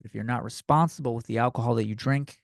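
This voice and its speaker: A man's voice: medium pitch, fast talker, vocal fry, no echo. Young guy ranting on his podcast, kinda tipsy and out of breath, swears a lot, dry close sound. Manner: profane, loose and slightly tipsy. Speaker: podcast host. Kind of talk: rambling comedic rant.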